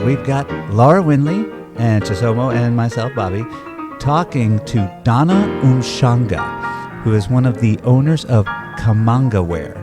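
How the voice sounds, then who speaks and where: A man co-hosting a podcast in casual chat, talking in an enthusiastic, rambling way. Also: mid-range voice. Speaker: podcast co-host.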